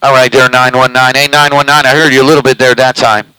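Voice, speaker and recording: With a medium-pitched, level voice, a man talks quickly over heavy background noise. He's a CB radio operator streaming live from home, drawling loosely and speaking very close to the mic, which he claims to eat.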